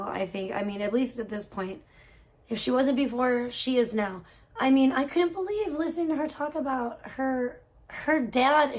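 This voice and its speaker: A woman hosting a casual livestream, gossiping and reacting to chat, swearing freely. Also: on the high side. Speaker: livestream host.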